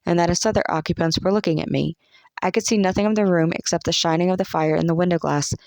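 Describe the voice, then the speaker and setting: A narrator with a Southern US accent, reading a classic novel aloud in a measured, even storytelling manner. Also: medium pitch, dry recording. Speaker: audiobook narrator.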